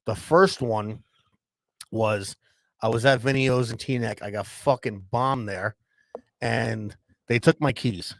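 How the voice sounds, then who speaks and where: A man's voice: mid-range voice, slow, gravelly, long pauses, dry recording. A man co-hosting a podcast, telling a rambling story full of swearing and constant "bro". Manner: profane, says "bro" constantly. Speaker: podcast co-host. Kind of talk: casual storytelling.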